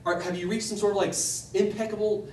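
A man leading a Bible study speaks in a slightly higher voice, enthusiastic and unpolished. His delivery is chatty and full of asides. His voice rises whenever he gets excited about the point. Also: fast, a little hiss or hum. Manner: loose and conversational, with restarts and asides. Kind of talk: teaching a group Bible study.

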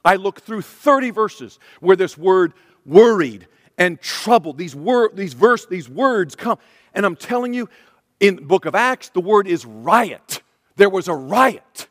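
A man's voice: high voice, expressive, unhurried, a bit bright, big-room sound. A middle-aged male pastor preaching a passionate sermon, often speaking as Jesus would to his listeners. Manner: impassioned, voices Jesus speaking directly to listeners.

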